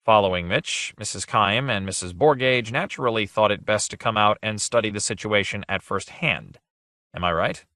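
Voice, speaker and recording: A man reading an audiobook, voicing a courteous, cunning gentleman detective with a suave, mild manner. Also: medium pitch, sing-song, normal speed, vocal fry, dry recording, clean studio sound, pitched above the performer's own voice, exaggerated voice.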